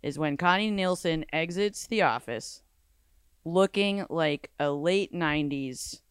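A woman's voice: sits low, slow, smooth, no echo, studio quality. A woman co-hosting a casual movie review podcast, sardonic and incredulous. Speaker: podcast co-host.

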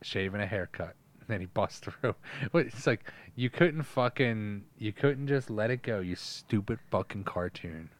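A man's voice: lowish voice, measured pace. A man hosting a podcast, chatting casually and profanely as he acts out movie scenes. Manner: animated, swears a lot, acts out scenes. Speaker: podcast host. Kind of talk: casual chat retelling a movie.

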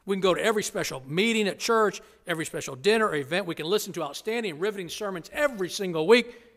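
A man preaching a sermon to his congregation, swinging from loud emphasis to hushed near-whispers, with playful asides. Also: high voice, lively intonation, fast talker. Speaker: pastor. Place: church sanctuary.

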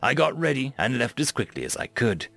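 Animated, gravelly male story narrator. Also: medium pitch, brisk, soft background music. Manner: animated, acting out his own dialogue. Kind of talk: reading a fantasy story aloud.

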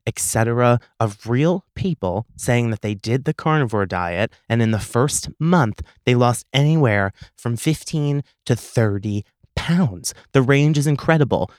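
A young man hosting a solo comedy podcast, telling stories in a profane, sarcastic, animated way. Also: medium pitch, no room sound, studio quality. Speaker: podcast host.

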